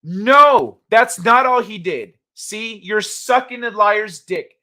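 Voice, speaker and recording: A man's voice: sits high, lively intonation, slow pace, pushed and bright. A man hosting a casual livestream, reading chat and ranting in a heated, blunt, profane way.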